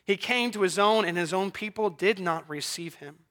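A man preaching a sermon, swinging between hushed near-whispers and loud, emphatic declarations. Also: high voice, moderate pace.

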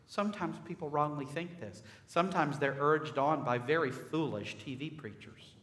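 A man preaches in a ringing church hall, his bright, forceful voice sitting a little high for a man. He drives his points with rhetorical questions and repeated phrases. Long reverb trails every phrase. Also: moderate pace, hardly any pauses. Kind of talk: sermon.

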